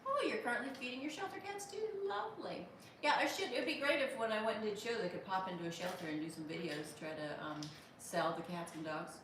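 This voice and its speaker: A woman hosting a casual live stream, reading viewer comments aloud in an animated, chatty way and laughing often. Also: mid-range voice, fast talker, far from the mic. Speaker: livestream host. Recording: echoey room, voice off-mic, noisy.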